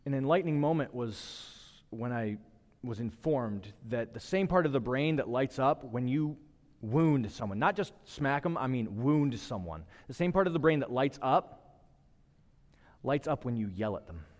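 A man in his thirties preaching a sermon, talking to the congregation like a conversation, dropping to a hush and then rising with emphasis. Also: mid-range voice, animated, measured pace. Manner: conversational preaching, shifting between hushed and emphatic. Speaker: pastor. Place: church hall. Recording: long hall reverb.

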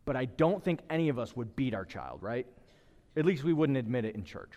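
A man in his thirties preaching a sermon, talking to the congregation like a conversation, dropping to a hush and then rising with emphasis. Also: mid-range voice, lively intonation, brisk, highs cut off. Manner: conversational preaching, shifting between hushed and emphatic. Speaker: pastor. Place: church hall. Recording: long hall reverb.

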